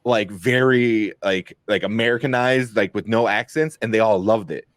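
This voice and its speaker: A man's voice: lowish voice, normal speed, no room sound, clean studio sound. A young man co-hosting a casual movie review chat, rambling with lots of fillers and restarts. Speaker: podcast co-host.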